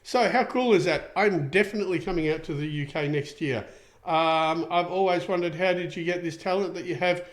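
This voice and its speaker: A man's voice: high-pitched, a little fast. A middle-aged Australian man hosting a casual livestream show, rambling and chatty with lots of ums as he reads out viewer comments. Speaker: show host.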